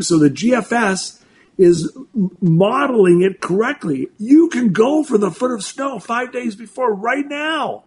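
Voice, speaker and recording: Older male weather forecaster in his sixties, animated, restarting sentences, faint background noise. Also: very high voice, unhurried. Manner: animated, full of restarts and repeats. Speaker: meteorologist guest. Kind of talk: casual talk show chat.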